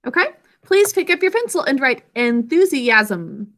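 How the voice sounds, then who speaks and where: A woman teaching an online reading lesson over a video call, sounding out words slowly and clearly syllable by syllable. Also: high-pitched, sing-song, fairly bright tone.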